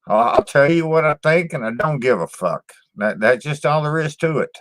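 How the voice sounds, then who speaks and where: A man's voice: fairly high pitch, lively intonation, normal speed, a bit bright, dry recording, studio quality. A man hosting his own channel and chatting casually with viewers, blunt and profane, stumbling over repeated words and ending lines with "man.". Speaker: channel host reading live chat. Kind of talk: casual live-stream chat.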